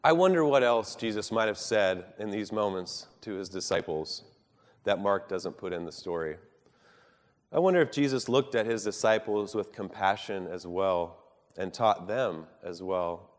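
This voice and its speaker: A lowish-voiced man gives a sermon with lively intonation, his words trailing into a long reverb tail. His delivery is earnest and measured, swelling for emphasis and growing quiet at the ends of thoughts.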